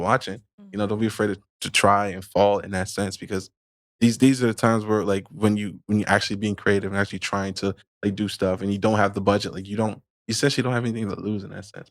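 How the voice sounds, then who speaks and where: A man's voice: fairly low pitch, level tone, no room sound, clean studio sound. A man as a podcast guest, chatting casually and giving advice in a rambling way with lots of fillers. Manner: quick, rambling, many fillers and restarts. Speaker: podcast guest, video marketer.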